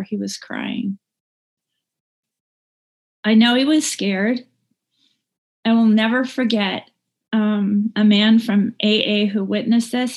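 A middle-aged woman gives a heartfelt personal testimony about her recovery, speaking candidly and haltingly, with fillers and restarts. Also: medium pitch, darkish tone. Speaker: recovering drinker sharing her story. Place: lives in Northern California.

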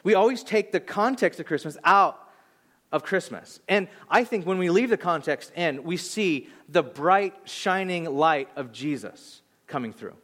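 A man in his thirties preaching a sermon as a pastor, telling an animated, self-deprecating story with halting restarts in his reflective moments. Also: a little high.

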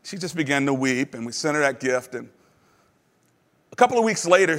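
Guy preaching a sermon, kinda high voice, tells stories, dips quiet then gets loud and excited. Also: moderate pace, in a large hall. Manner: storytelling preacher, asks the crowd questions; swings from low and quiet to high and emphatic. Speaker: pastor.

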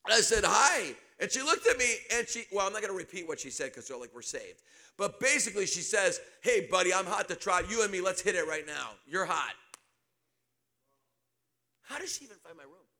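Raspy, bright-voiced animated male preacher. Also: sits high, a little fast. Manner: animated storytelling with sudden shouts. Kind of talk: sermon.

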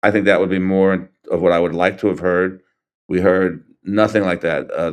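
Older guy, lowish voice, stops and restarts a lot, earnest, telling what happened. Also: steady tone. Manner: halting, restarts and trails off, earnest. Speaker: interview guest, grieving father. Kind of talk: recounting events in an interview.

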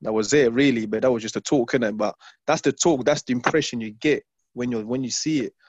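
A man from London, a former footballer, telling stories in an interview, animated and repeating phrases as he acts out his past self. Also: medium pitch, a little fast, husky, no room sound. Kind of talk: casual interview storytelling. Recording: dull lo-fi dry sound.

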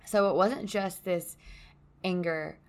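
A young woman hosting a podcast from home, speaking softly in a reflective, confessional solo monologue. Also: lowish voice, slow, a little hiss or hum. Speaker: podcast host. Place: at home by a window onto a yard.

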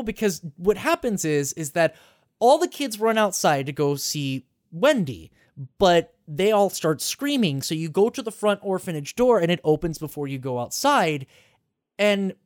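A man's voice: high-pitched, no echo, studio quality. A man hosting a podcast, recapping a game in casual chat, swearing freely, laughing often and rambling with restarts. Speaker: podcast host.

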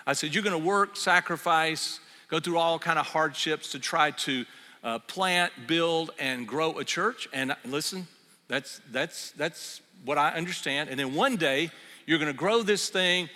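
A middle-aged man preaching a sermon as pastor, telling a story in an animated way and acting out its voices. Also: fairly high pitch, measured pace. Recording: long reverb of a hall.

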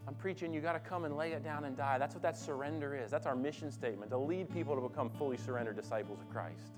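A man preaching a sermon as pastor, swinging from loud declarations to hushed asides and calling on the congregation to respond. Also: a little high, quick pace, over music. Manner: addresses congregation directly, calls for responses. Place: church sanctuary.

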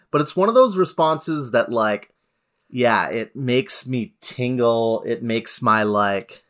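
A Canadian man co-hosting a podcast, chatting in a relaxed, rambling way with many fillers. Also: mid-range voice. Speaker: podcast co-host. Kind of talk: casual podcast chat.

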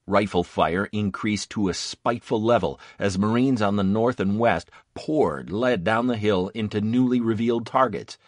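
A man narrating a first-person memoir in a measured, grave reading. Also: lowish voice, no room sound, studio quality.

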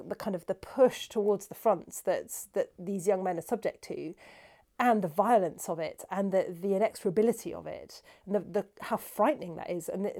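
A woman cellist and music scholar explaining a song, animated and often restarting her sentences. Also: medium pitch.

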